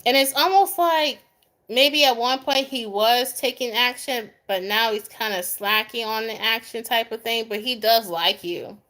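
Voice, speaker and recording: A woman's voice: a little high, unhurried, pushed and bright. A young adult woman doing a live tarot reading, chatting with viewers by name in a goofy, easygoing way and laughing often. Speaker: tarot reader.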